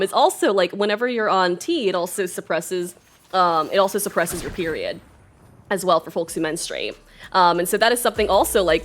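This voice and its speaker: An animated woman streaming a game live, her voice swinging widely in pitch. She chatters to her viewers, breaks into sudden yelps and laughter, and keeps apologizing between bursts of panic. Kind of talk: live gaming stream chat.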